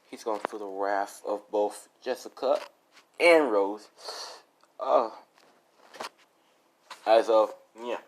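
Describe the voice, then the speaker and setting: A man's voice: fairly low pitch, a little hiss or hum. A young man casually improvising a fan story, rambling and laughing at his own jokes.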